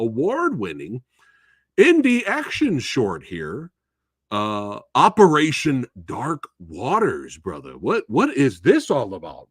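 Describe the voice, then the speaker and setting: Male host, laid-back and jokey, lively pitch swings. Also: breathy edge, no room sound, clean studio sound. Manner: laid-back, jokey, hypes up his guest. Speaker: interview host. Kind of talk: casual interview chat.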